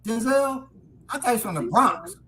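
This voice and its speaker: A man's voice: very high-pitched, sing-song, moderate pace, bright, forceful tone, soft background music, low-quality recording. A man in casual podcast banter, joking with frequent stumbling restarts.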